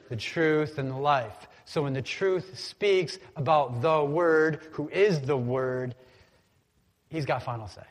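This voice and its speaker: A man with a fairly high voice preaches in an easy, conversational way, now and then calling on the congregation to repeat a word after him. His voice trails off into the long reverb of a large hall. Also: expressive, unhurried. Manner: casual, conversational preaching with call-and-response prompts. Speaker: pastor. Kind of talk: sermon.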